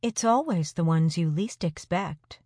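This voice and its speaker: A woman's voice: on the low side, a little slow, a little mellow, no room sound. A woman voicing a teasing, wry teenage girl who is the narrator's best friend, in a dry, close recording.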